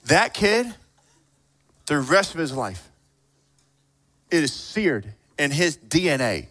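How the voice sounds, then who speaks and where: A man preaching a sermon in a conversational way, moving between hushed reflection and fired-up encouragement. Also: a little high, very animated, slow, pauses often. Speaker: pastor.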